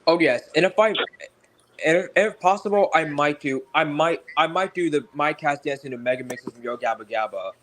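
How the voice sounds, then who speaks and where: A man chatting casually and eagerly, jumping in with quick remarks. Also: on the high side, fairly bright tone. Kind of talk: casual chat.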